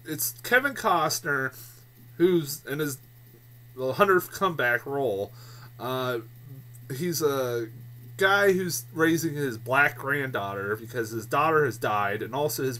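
A man's voice: a little high, pushed and bright. A man giving a casual, exasperated film review, swearing often and laughing in disbelief as he rants.

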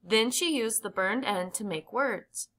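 Bright-voiced woman reading a storybook. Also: mid-range voice, a little slow. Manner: clear, even reading pace with gentle emphasis. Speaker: audiobook reader. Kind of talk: children's storybook narration.

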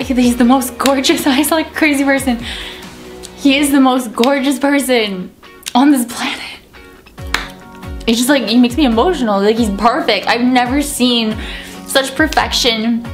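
Female vlogger in her 20s, tired, effusive fan chatter, higher voice, light music bed. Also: a bit bright. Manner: gushing, breathless fan talk with giggles. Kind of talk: casual chat to camera. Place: indoors at night after an event.

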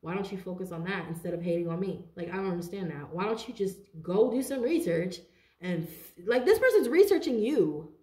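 A woman giving a casual tarot reading straight to her viewers, chatty and animated, laughing often and talking to them as "you guys". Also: fairly low pitch, fairly quick, roomy sound. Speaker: tarot reader.

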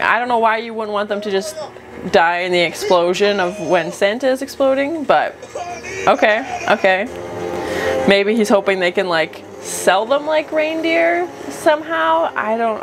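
A woman's voice: mid-range voice, moderate pace. Chatty woman reacting to a film. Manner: chatty, exclaims and gasps often; jokey asides, mock quoting characters. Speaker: movie reaction host. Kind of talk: casual reaction commentary. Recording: movie soundtrack music behind. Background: movie music.

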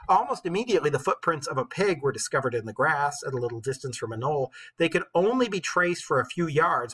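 A male teacher reading a novel aloud with expressive storytelling, pausing to comment for his class. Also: mid-range voice, slightly rough, rough recording.

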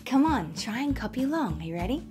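A woman teaching children to sing, talking gently and encouragingly and singing moo notes over a piano. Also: on the high side, sing-song, fast talker. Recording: piano music behind. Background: piano keyboard.

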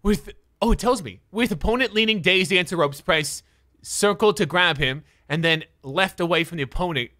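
A man streaming a video game live, panicking and shouting at the screen, then muttering the on-screen instructions to himself. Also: high voice, moderate pace. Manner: excitable, yelling in panic at the game; mutters instructions under his breath. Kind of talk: live gameplay commentary. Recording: game music behind the voice. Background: game music.

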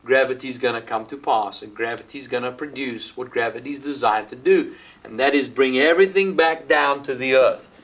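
An Australian man preaches a sermon in an ordinary mid-range voice. He leans hard on key phrases, slowing right down to stress them. He speaks as a teacher, walking listeners through the verses they should underline. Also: medium pitch, fairly bright tone, low-quality recording. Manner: emphatic, slows down to stress key words; talks the listener through marking up the Bible. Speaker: pastor.

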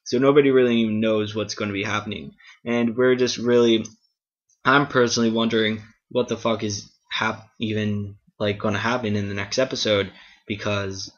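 An anime reviewer casually recaps an episode, rambling, swearing, and leaning heavily on "like" and "um." His voice is fairly low and steady at a moderate pace, in dull lo-fi webcam audio.

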